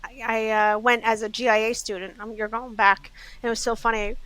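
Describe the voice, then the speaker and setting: A woman's voice: a little high, a little fast, low-quality recording. A middle-aged woman with a New York accent, a bubbly jewelry store owner telling stories in a casual chat. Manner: bubbly, animated storyteller.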